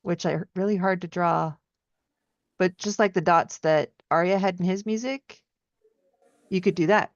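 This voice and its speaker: A woman's voice: on the low side, measured pace, pauses often, no room sound. A woman teaching piano, giving friendly feedback and singing phrases out in syllables to show how they go. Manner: encouraging, sings melodies out in syllables. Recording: dry, dull lo-fi sound.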